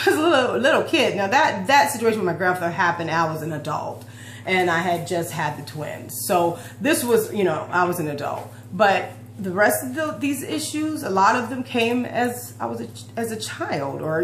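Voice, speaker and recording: Woman, 40s, fitness vlogger, earnest rambling confession, mid pitch, roomy sound. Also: expressive, moderate pace. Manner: heartfelt, emotional, rambling with restarts. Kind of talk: personal confessional vlog talk. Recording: roomy echo with faint hum.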